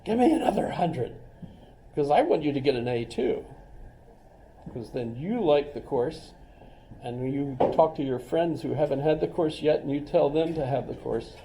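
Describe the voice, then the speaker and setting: A man's voice: on the high side, expressive, moderate pace, far from the mic, noisy background. Rambling man lecturing in a roomy classroom. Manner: rambling and chatty, full of joking asides. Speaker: college philosophy instructor.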